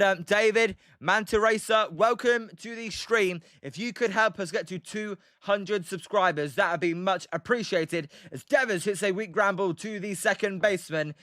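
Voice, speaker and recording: A man's voice: high voice, a bit bright, no room sound, clean studio sound. A young British man giving casual play-by-play of a baseball game on a livestream, rambling with frequent ums and answering chat by name.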